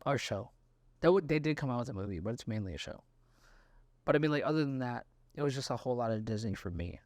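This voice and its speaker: A man's voice: mid-range voice, lively intonation, fast talker, a little mellow, no room sound. A young man co-hosting a podcast in casual chat, loose and laughing, full of fillers and restarts. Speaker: podcast co-host.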